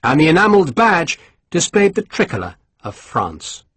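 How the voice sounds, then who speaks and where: A man reading an audiobook in a measured, expressive storytelling manner. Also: fairly high pitch, slightly rough, no room sound. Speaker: audiobook narrator. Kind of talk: scripted narration.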